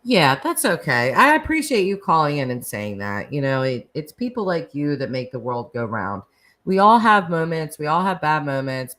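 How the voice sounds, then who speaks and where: Chatty low-voiced woman host. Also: a bit bright, poor audio. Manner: chatty, laughs often, restarts. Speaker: live stream host. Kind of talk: casual live chat with callers.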